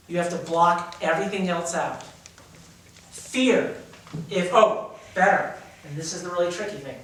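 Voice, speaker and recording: His voice sits high, pushed and bright, with a little hiss or hum in the audio. As drama teacher to a class of young actors, he explains exercises with energy and acts out emotions, recorded from afar by a camera mic in a large, echoey room.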